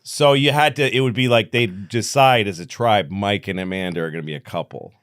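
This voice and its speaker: Deep-voiced man in his fifties, podcast guest, blunt profane storyteller, dry close mic. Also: fairly quick, a bit bright, no echo. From United States. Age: 50s. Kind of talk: casual chat.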